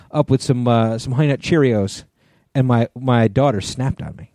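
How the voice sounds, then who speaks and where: A middle-aged man co-hosting a relaxed podcast, speaking bluntly and swearing freely as he complains. His voice sits at an ordinary pitch with a mellow, dark tone. The recording is dry and close, with no room sound. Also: normal speed, no room sound. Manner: blunt, profane, irritated ranting. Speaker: podcast co-host. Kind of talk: casual chat.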